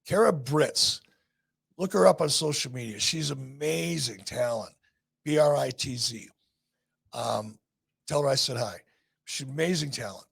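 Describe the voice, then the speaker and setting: A man with a gravelly, rough-edged voice tells a story on his podcast. He talks loosely and warmly about a personal moment, with a husky grain under every phrase. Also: medium pitch, a little slow, pauses often. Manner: sentimental, rambling anecdote. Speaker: podcast host. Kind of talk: casual storytelling.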